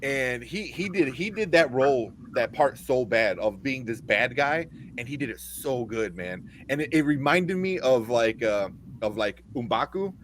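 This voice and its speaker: A man co-hosting a casual movie review podcast, talking excitedly, swearing freely and retelling scenes. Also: medium pitch, a little slow, hardly any pauses, slight background noise. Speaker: podcast co-host.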